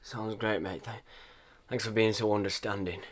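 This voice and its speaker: A man voicing a flustered, apologetic father who is new in town, in an animated comedy, polite and stammering. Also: fairly low pitch, moderate pace, lightly acted.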